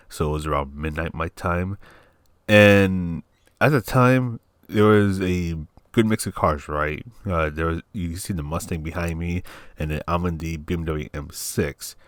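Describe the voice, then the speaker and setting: Calm man explaining a racing game lap. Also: deep voice, no echo. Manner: calm, steady step-by-step explaining. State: groggy morning voice. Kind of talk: instructional voice-over commentary.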